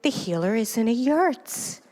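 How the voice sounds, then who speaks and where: A woman from New York City giving an inspirational talk to a congregation as a self-help author, telling stories with animated, self-deprecating humor. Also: on the high side, unhurried, slight background noise. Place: church sanctuary. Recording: long reverb of a large hall.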